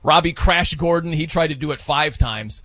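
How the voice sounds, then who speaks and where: A man's voice: on the high side, normal speed, pushed and bright, no echo. A man co-hosting a sports talk show, chatting casually and animatedly, laughing and acting out wrestling announcer bits.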